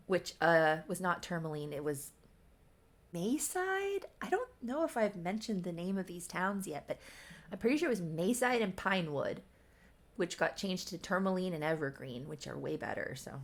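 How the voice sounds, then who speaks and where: A woman's voice: fairly low pitch, fairly bright tone. A woman in her thirties, chatty and laughing at herself while recapping her old soap opera story. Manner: chatty, laughing, self-mocking. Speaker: YouTuber. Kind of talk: casual recap commentary.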